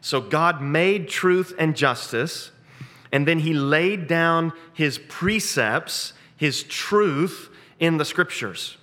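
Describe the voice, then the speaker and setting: A man preaching an expository sermon, earnest, asking rhetorical questions and slowing down to stress key phrases. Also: a little high, animated, sharp tone.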